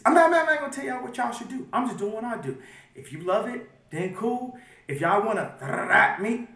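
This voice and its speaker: Emphatic high-voiced man, roomy and distant. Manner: emphatic, swings from quiet to loud. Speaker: interview guest. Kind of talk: animated interview talk. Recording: roomy audio from far off.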